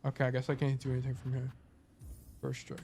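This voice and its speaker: A man streaming himself playing a game, thinking out loud in casual, rambling talk full of "like" and "you know". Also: medium pitch, monotone, fast, a little hiss or hum. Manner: rambling, thinking aloud, lots of "like".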